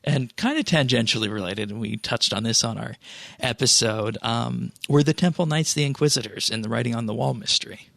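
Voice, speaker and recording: A man hosting a podcast, reading listener questions aloud and reacting with upbeat interest. His voice is gravelly with a bright, forward edge. The recording is dry and close. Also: medium pitch, brisk, no room sound. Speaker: podcast host.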